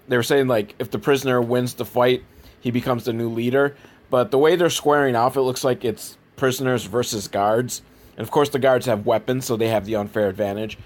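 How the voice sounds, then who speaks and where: A man giving casual, rambling, self-deprecating commentary on a movie he is watching. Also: mid-range voice. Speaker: movie review host.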